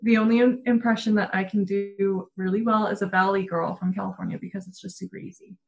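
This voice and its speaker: A woman's voice: medium pitch, steady tone, quick pace, gravelly, lo-fi sound, faint music behind. A woman in casual chat, giggling often and talking with lots of fillers. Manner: giggly, chatty, many fillers.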